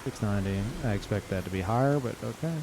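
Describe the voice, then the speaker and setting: A man streaming a game with live commentary, swearing and incredulous, jumping between loud outbursts and low mutters. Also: fast talker, vocal fry, very noisy.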